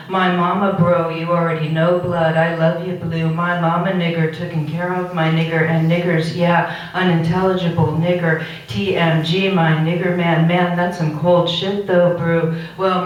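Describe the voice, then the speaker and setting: Poet for a live gallery reading of found transcript text; recited, performance-style delivery, captured from a distance with strong room echo. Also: medium pitch. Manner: recites found speech and court record text aloud. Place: art gallery, indoors. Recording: very echoey room recorded from far off.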